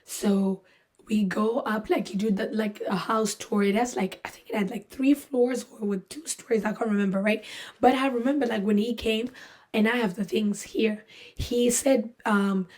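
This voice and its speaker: A woman's voice: mid-range voice, normal speed. Chatty woman telling a spooky story. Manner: animated, jokey, full of fillers and voiced-out quotes. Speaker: podcast host. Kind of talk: casual storytelling monologue.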